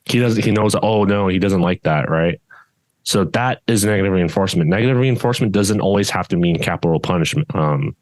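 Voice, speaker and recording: Low-voiced male judo coach, casual podcast co-host, even unchanging tone, rambling delivery, dry close sound. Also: a little fast, dry recording. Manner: steady tone that does not rise even when louder; rambling, with many restarts and fillers.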